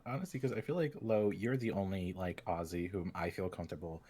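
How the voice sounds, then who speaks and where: A man's voice: low voice, fairly quick, dark tone, husky. An American man co-hosting a podcast in casual chat, agreeable and often repeating and restarting his words. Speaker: podcast co-host, voice actor.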